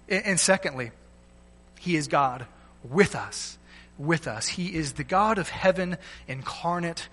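A man preaching a sermon from the pulpit, emphatic, swelling loud and then dropping soft, often repeating words. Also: fairly high pitch. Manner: repeats words while speaking. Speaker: pastor. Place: church sanctuary. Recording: long hall reverb.

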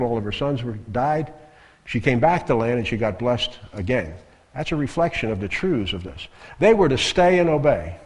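Male guest preacher, mid-pitched voice, conversational emphatic sermon, long hall echo. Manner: conversational, emphatic, repeats phrases. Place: church sanctuary.

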